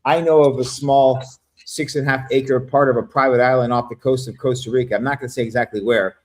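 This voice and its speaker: A man chatting on a livestream panel, rambling and profane as he tells stories in a casual, animated way. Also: mid-range voice, brisk. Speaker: panel guest.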